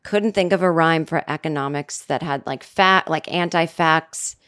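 A middle-aged woman hosts a solo comedy podcast, speaking into a studio microphone in a sarcastic, rambling style full of self-deprecating asides. Her voice is deep and a bit bright, at normal speed.

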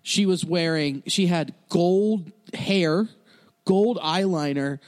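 A man's voice: sits high, slow. A man telling a tour story in casual podcast chat, laid-back and swearing freely, acting out the people he quotes. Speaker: podcast host.

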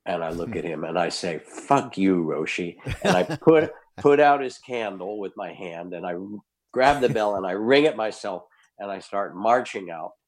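Deep-voiced older man telling a story. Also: moderate pace. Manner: animated storyteller, acts out scenes. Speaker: guest. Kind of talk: anecdotal storytelling.

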